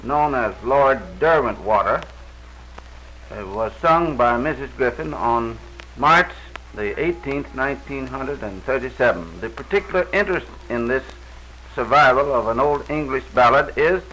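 A man introduces a recording in a formal, measured way. His voice is bright and clear-cut, with light noise behind it. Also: mid-range voice, poor audio. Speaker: archive announcer.

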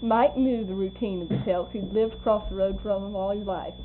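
A woman's voice: mid-range voice, brisk. An older woman recalling people in an oral history interview, laughing often and acting out what they said. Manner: laughing, animated storyteller acting out quoted voices. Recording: tinny lo-fi tape with faint hum.

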